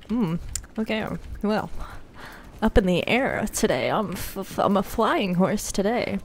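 Excitable woman rambling through gameplay. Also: on the high side, unhurried, faint music behind. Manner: excitable, rambling, gushing with gasps. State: tired from filming late at night. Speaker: gaming YouTuber. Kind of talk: casual gameplay commentary.

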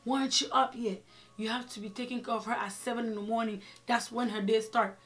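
A woman's voice: fairly high pitch, fairly even intonation, fast talker, fairly bright tone, natural voice. A woman voicing a strict female employer who scolds about bedtime in a firm tone. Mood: stern.

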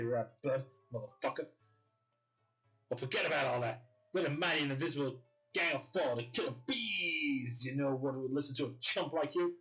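A man's voice: on the high side, a bit bright, voice pushed up, close to an everyday voice, poor audio. A Yorkshire man reading as a sweary swaggering boy gang leader. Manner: crude, swearing, mock-menacing.

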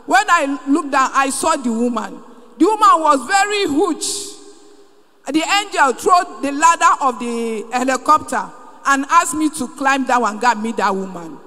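A woman giving an emotional testimony in a large church, fervent and sometimes rising to a shout. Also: sits high, animated, a little slow. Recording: echoey hall.

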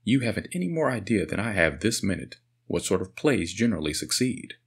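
A man's voice: lowish voice, big pitch swings, brisk, breathy edge, exaggerated voice. A man reading as a sarcastic theater manager. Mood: needling. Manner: challenging, needling.

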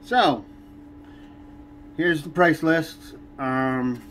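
A man hosting a fishing channel, reviewing a subscription box with irritation and frequent pauses. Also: a little high, fairly bright tone, a little hiss or hum. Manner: irritated, complaining, many "um" pauses. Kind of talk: unboxing review vlog.

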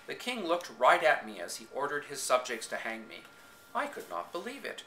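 A man's voice: medium pitch, big pitch swings, normal speed, bright, forceful tone. A man reading a story aloud in the first person with dramatic expression, recorded on a home camcorder in an echoey room. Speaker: reader.

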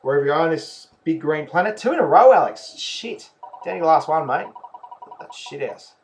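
A man's voice: a little high, lively intonation, normal speed, slight background noise. A man with an Australian accent, hosting a live raffle and commentating each name as it is drawn. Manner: chatty, calls names and counts spots. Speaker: raffle host.

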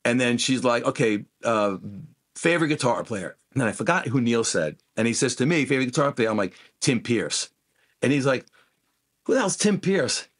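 In a casual interview, a middle-aged guest musician recounts stories from the road, talking a little fast in a mid-range voice. He keeps the anecdotes lively by acting out the dialogue in them.

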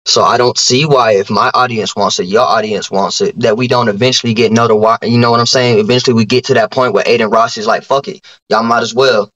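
A YouTuber on a video call challenges a streamer, throwing boastful, rhyming trash talk at his rival while often stammering and restarting sentences. His medium-pitched, somewhat bright voice stays steady as he talks fast with hardly any pauses, and the sound is lo-fi.

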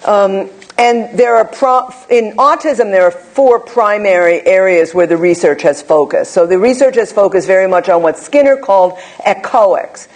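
A woman's voice: mid-range voice, normal speed, hardly any pauses. Woman presenter, mid-range voice, conversational lecture style, wry and chatty, leans on tag questions. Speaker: behavior analyst presenter. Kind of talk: conversational academic talk.

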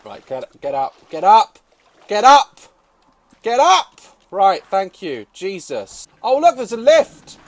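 A young man giving excitable, swearing gameplay commentary, with frequent laughter and shouts. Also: high voice, slow, no room sound. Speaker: gaming video host.

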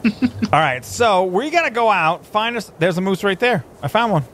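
Playful guy with a higher voice, bouncy pitch all over the place, goofing off while playing a game. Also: expressive, normal speed, fairly bright tone, a little hiss or hum. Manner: goofy, playful banter, jokes around. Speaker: gaming channel host. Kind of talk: casual co-op gameplay commentary.

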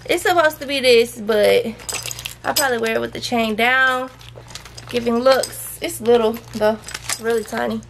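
A young woman with a fairly high voice and vocal fry chats casually to viewers in a haul vlog, occasionally scolding her toddler. She's filming at home, and the recording picks up plenty of household noise.

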